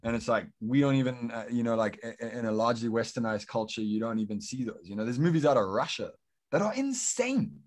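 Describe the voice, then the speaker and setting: A man with a South African accent, a guest actor talking excitedly and saying "dude" often. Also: mid-range voice, fast. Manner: excitable, says "dude" a lot. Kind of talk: casual interview chat.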